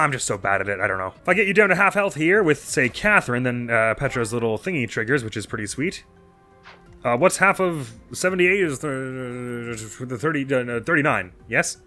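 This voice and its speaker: Bright-voiced man narrating his gameplay. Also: medium pitch. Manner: chatty, thinks aloud, self-mocking asides. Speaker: let's play host. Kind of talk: casual gameplay commentary.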